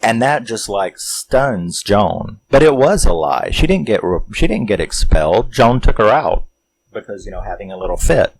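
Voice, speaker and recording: A man with a low, deep voice and a drawl talks through a movie he loves. He rambles, retells its scenes with plenty of fillers, and acts out the characters' lines. The tone is a loose, casual film recap. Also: moderate pace, poor audio. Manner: rambling, animated retelling with acted-out quotes and chuckles. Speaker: movie review host.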